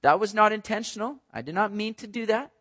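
Man reading as a startled, sorry apostle; pleading, earnest, pitched up. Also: quick pace, fairly bright tone. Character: apostle Paul, adult man, flustered and apologetic.

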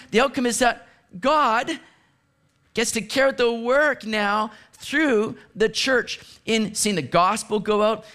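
A man preaching a sermon as pastor, animated, moving from hushed asides to excited exclamations. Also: high voice.

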